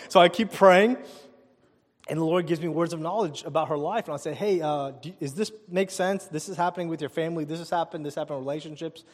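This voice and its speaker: A man preaching a sermon, telling a personal story with animated delivery, asking the crowd questions and chuckling often. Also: a little high, fast. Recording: long hall reverb.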